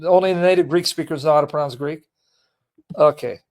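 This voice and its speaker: A man hosting a live stream, lecturing a caller in a heated, forceful way. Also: fairly high pitch, brisk. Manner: forceful, lecturing, berating chat commenters. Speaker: livestream host. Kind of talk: heated live teaching and chat.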